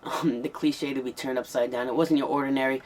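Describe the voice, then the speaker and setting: A man's voice: medium pitch, fairly even intonation, fairly quick, a little mellow. A man giving a casual, rambling spoken review of an old horror tape, with frequent ums and restarts. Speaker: VHS movie reviewer.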